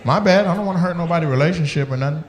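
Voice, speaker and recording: A male comedian doing profane, teasing crowd work with audience members. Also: on the high side. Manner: teasing, profane, quick banter. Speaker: stand-up comedian.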